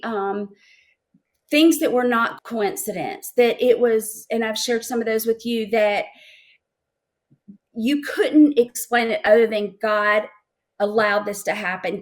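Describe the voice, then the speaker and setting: A middle-aged woman with a slightly high voice speaks as a guest in an interview, sharing a heartfelt personal testimony. She talks emotionally and haltingly, often repeating words as she searches for what to say next.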